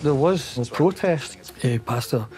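A man's voice: mid-range voice, lively intonation, unhurried. A man, reminiscing casually in an interview, chatty and quoting others.

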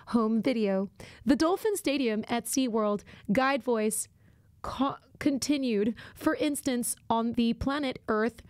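A woman putting on a flat, monotone robot voice to read out viewer messages. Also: fairly high pitch, dry recording, studio quality, voice pushed down, natural voice. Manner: monotone, mechanical reading. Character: flat robotic text-to-speech voice, female.

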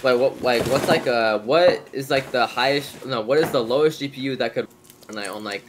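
A young man co-streaming a shooter game, chatting casually in slang and shouting quick callouts during fights. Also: medium pitch, noisy background. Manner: excitable, slangy, loud callouts. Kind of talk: casual gaming chat.

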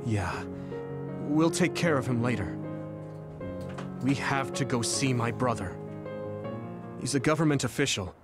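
A man's voice: medium pitch, expressive, a little slow, long pauses, natural voice. An actor voicing an earnest young male hero soldier in a video game. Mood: determined. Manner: earnest and determined. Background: game music.

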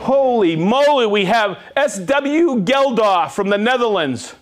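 An upbeat man hosts a live tool show and rattles off viewer names and hometowns. His voice sits high and swings widely in pitch. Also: expressive. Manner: upbeat, jokey, reads viewer names and places quickly. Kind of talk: live-stream shout-outs to viewers.

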